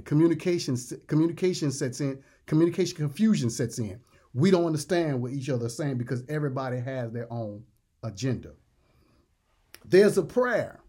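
A man preaching a sermon, emphatic, repeating words and slowing down to stress the scripture he reads. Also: a little high, a little mellow.

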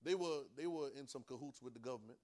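Dialect-speaking preacher swinging from soft to loud. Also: male voice, mid-range voice, fast talker. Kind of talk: sermon.

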